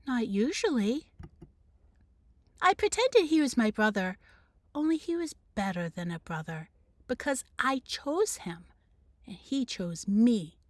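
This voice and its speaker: A woman reads a children's novel aloud with lively, storybook expression. Her voice is on the high side and leaps around in pitch. She takes her time, and the recording is dry and close. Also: no room sound. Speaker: teacher.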